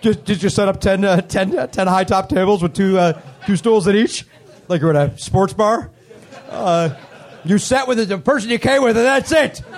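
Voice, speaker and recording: A man hosting a live comedy show on a club stage, teasing the audience with quick sarcastic riffs. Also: high-pitched. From Canada. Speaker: comedy podcast host. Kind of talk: live comedy crowd work.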